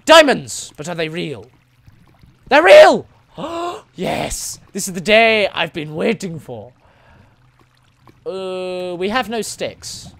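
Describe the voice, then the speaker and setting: A man giving casual solo commentary on his own gameplay, rambling playfully, talking to the creatures he meets and bursting into excited shouts. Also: high-pitched. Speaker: gaming video host.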